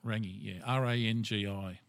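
Australian man, low voice, casual rambling chat, filler words, dry recording. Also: fairly even intonation, normal speed, vocal fry, no echo. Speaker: conversation partner.

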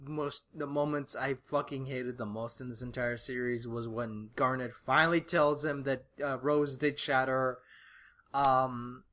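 A man's voice: mid-range voice, steady tone, a little slow, a bit bright. A young man in casual chat, venting heatedly and swearing in exasperation. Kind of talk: casual ranting chat about a cartoon.

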